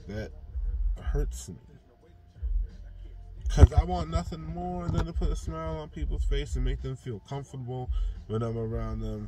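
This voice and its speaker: A man's voice: lowish voice, low-quality recording. A young man talking earnestly and heartfelt to camera, rambling about his faith in a casual vlog. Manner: drawls softly when relaxed, livelier when engaged. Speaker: vlogger.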